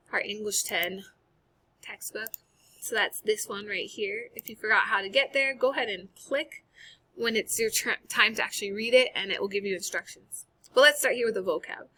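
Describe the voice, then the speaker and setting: A woman teacher walks through an online class assignment in a casual, upbeat way, with plenty of ums along the way. Her voice is bright and clear, and she sounds like she is talking into a computer mic at her desk. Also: medium pitch. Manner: casual, upbeat, chatty with fillers. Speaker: high school English teacher. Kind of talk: recorded screen-share lesson walkthrough.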